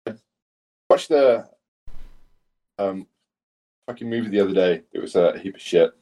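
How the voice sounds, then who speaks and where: A man's voice: deep voice, moderate pace, mellow, slight background noise. A man co-hosting a podcast, rambling through sweary stories in casual chat. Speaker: podcast co-host.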